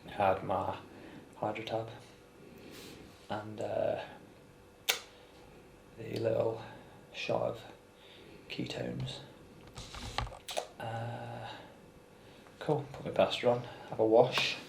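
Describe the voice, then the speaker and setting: A man's voice: fairly low pitch, very slow, vocal fry, long pauses, background noise. A man, a pro cyclist vlogging in a casual, joking, rambling way. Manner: chatty, joking, rambling with fillers. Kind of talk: casual chat.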